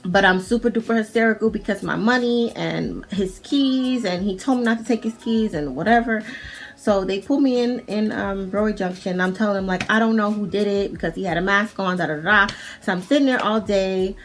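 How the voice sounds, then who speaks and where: A woman's voice: mid-range voice, fairly quick. A young woman with a New York accent telling a personal story at home in a casual storytime vlog, chatty and profane, full of "like" and restarts. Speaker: vlogger. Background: faint music.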